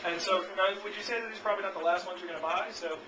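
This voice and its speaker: A man running a live sales training demonstration for a group, energetic and constantly checking in with "okay?" after each point. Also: sits high, rapid-fire. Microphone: built-in camcorder mic. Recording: distant, noisy camcorder audio.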